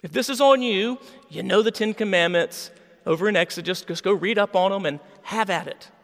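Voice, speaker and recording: A man's voice: high voice, brisk, long reverb tail. A man preaching a sermon with passion, voicing the people in his story. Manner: impassioned, acts out quoted voices. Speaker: pastor.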